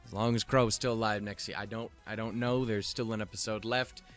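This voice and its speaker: A man with a somewhat low voice talks through an episode in a loose, rambling recap. He restarts his sentences often and swears offhand. Soft music plays faintly underneath. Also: fairly even intonation, a little fast. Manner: rambling, lots of fillers and restarts, swears casually. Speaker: show reviewer.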